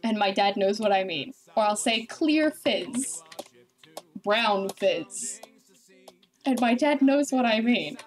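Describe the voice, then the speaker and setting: A woman's voice: fairly high pitch, normal speed, few pauses. A woman with an Australian accent, a streamer chatting casually and rambling animatedly while she plays a game. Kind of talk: casual chat while gaming.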